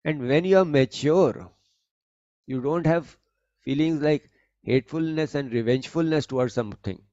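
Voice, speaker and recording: A man giving a spiritual discourse on scripture, speaking deliberately and explaining each point, often rephrasing as he goes. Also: a little high, mellow, no room sound, highs cut off. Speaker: spiritual teacher.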